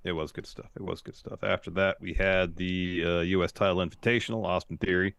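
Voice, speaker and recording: Male co-host, very low voice, retells wrestling promos from notes, dry mic. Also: steady tone, a little fast, creaky, a bit bright, clear, resonant tone, no echo, lo-fi sound. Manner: reads from notes, retells promos at length, short affirmations. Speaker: podcast co-host. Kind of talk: casual wrestling recap.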